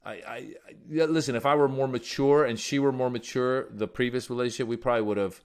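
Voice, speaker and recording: A man from Iran, a guest comedian, telling stories in a casual, animated way. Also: medium pitch, fast talker, clean tone. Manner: animated storyteller. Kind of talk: casual storytelling.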